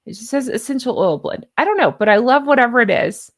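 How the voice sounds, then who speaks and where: A woman's voice: a little high, lively intonation, quick pace. A woman vlogger with a slight Southern American accent, rambling chattily and teasing herself with giggles. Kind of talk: casual chat to camera.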